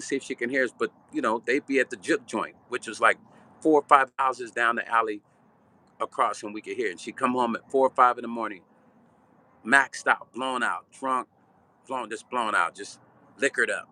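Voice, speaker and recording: An older man from Chicago telling a personal story in a vivid, blunt, street-style way. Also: mid-range voice. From Chicago, Illinois. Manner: vivid, animated storytelling, repeating "right?". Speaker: vlog host and musician.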